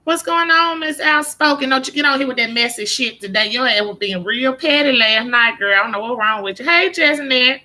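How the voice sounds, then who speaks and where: A woman's voice: on the high side, brisk, few pauses, bright, forceful tone. A woman hosting a casual live stream, greeting viewers by name, blunt and profane.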